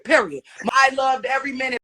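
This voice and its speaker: A woman speaking in a reality show confessional, loud, profane and excitable. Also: sits high, a little fast. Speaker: reality show cast member. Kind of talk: confessional interview.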